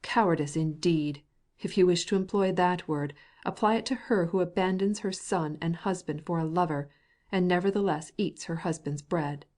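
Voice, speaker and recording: A woman's voice: fairly low pitch, moderate pace, mellow, lightly acted. A woman reading a cold, angry middle-aged husband with a piping voice who stammers in anger.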